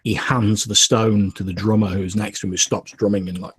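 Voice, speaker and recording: A man's voice: lowish voice, flat delivery, brisk, husky, no echo. A young man narrating a tabletop game as game master, casual and full of fillers.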